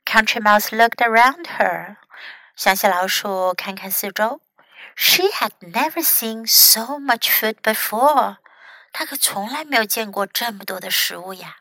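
A woman English teacher narrating a children's story bilingually, clear and teacherly. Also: mid-range voice, a little slow, sharp tone, no room sound, low-quality recording.

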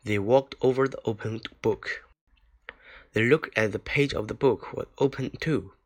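Slow, careful man reading a storybook. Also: medium pitch. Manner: slow, careful reading with small slips and restarts. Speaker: reader. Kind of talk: reading a children's book aloud.

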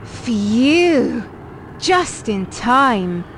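High-pitched little dog, storybook figure, slow deliberate lines, voiced by a woman. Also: sing-song, a little hiss or hum, full character voice. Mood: relieved. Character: brave little male pet dog.

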